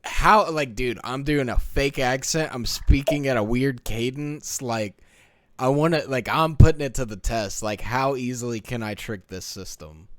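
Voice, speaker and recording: A man's voice: mid-range voice, normal speed, dry recording. A young man co-hosting a casual podcast, arguing his point and saying "dude" and "like" constantly. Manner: argumentative, peppers speech with "dude" and "like". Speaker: podcast co-host. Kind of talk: casual chat.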